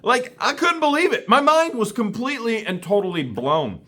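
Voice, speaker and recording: A man's voice: very high-pitched, sing-song, normal speed, sharp tone. A man vlogging an indignant, scornful rant to camera, repeating himself for emphasis. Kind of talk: ranting commentary to camera.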